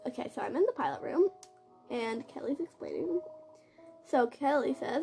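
Jumpy, high-pitched woman gamer. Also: brisk, vocal fry, faint music behind. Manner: excitable, gasping, jumpy reactions. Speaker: gamer narrating her play. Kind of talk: live game commentary.

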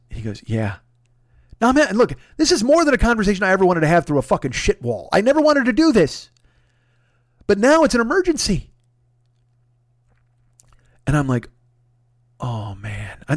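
Guy on a podcast telling a gross funny story, swears a lot, goes quiet then loud, kinda high voice, dry close sound. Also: dry recording. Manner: profane, animated, swings between hushed re-enactment and loud exasperation. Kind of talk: comedic personal storytelling.

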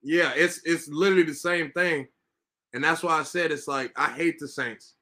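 A Southern-accented man co-hosting a sports podcast, with a bright, forceful voice pitched a bit above average. He rants with animated, profane energy. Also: normal speed. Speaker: podcast co-host. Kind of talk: casual sports chat.

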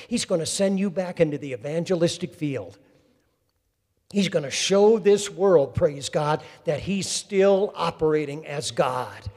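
Fervent high-voiced preacher in a reverberant hall. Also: male voice, mellow. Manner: fervent, calls out to the congregation. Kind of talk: sermon.

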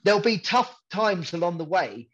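A man's voice: high-pitched, very animated, normal speed, a bit bright, husky, muffled recording. A man talking candidly as a podcast guest, rambling and repeating himself as he acts out what people say. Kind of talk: candid conversational storytelling.

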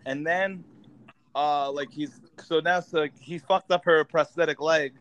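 A man with a slightly higher-than-usual voice tells a movie plot at length. He rambles, curses freely and leans on filler words as casual banter with friends. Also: steady tone, measured pace, fairly bright tone, rough recording.

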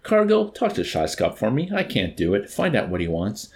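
A man's voice: lowish voice, huge pitch swings, normal speed, creaky, darkish tone, heavily acted. A man reading aloud and voicing a vain, panicky male army general who wails and whines. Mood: panicked. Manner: wailing, whiny.

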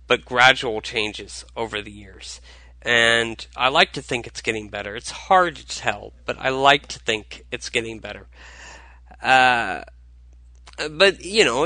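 A tired man talks through a casual solo podcast monologue, halting often and filling gaps with fillers and restarts. His voice is very bright and edged, with a middling pitch. It is recorded close and dry, with no room sound. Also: no room sound, poor audio. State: tired, low on energy. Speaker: podcast host.

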